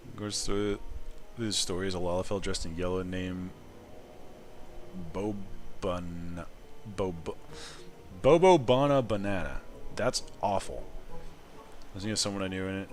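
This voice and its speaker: A man streaming a game, chatting casually with viewers, excitable, laughing often and swearing now and then. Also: low voice, moderate pace, long pauses, slight background noise. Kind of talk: casual live-stream commentary.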